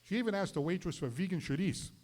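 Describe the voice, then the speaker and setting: A man's voice: sits high, animated, racing, loud music behind the voice. A man hosting a live variety show, delivering a stand-up comedy monologue and apologizing after his own jokes. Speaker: host. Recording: noisy live show recording.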